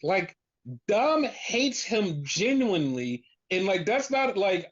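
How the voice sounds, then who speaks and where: Speaking slowly in a high-pitched voice with big pitch swings, a podcast co-host rambles through casual conversation. He uses "like" a lot, curses, and plays out what others would say, captured in dull lo-fi sound.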